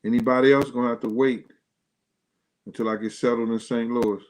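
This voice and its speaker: An average-pitched man hosting a casual livestream. He talks straight to his viewers in loose slang. His voice jumps sharply higher when he gets worked up. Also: steady tone, brisk, low-quality recording. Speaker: livestream host.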